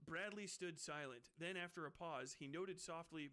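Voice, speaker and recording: A man's voice: fairly high pitch, moderate pace, bright, forceful tone. Rambling, swearing male streamer. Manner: rambling, swearing, ranting, laughing asides. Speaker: streamer reading a book aloud. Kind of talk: casual profane commentary on a book.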